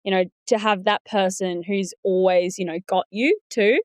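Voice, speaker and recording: A woman's voice: mid-range voice, normal speed, dry recording. A woman hosting a sports interview show, supportive and asking long, winding questions. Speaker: podcast host, interviewer.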